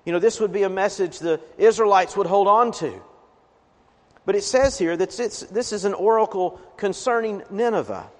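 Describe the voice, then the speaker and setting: A pastor delivers a sermon, earnest and pressing hard on key words. His voice sits on the high side for a man. The sound carries a long reverberant tail, as in a church sanctuary. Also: normal speed, a little mellow. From Appalachian region of the US. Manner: earnest preaching, emphatic swells on key words. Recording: reverberant hall.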